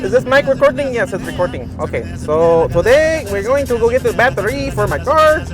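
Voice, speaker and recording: A man putting on a jokey mock Spanish accent, clowning around in a high, sing-song voice. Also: expressive, a little fast, music in the background, rough recording. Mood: goofy.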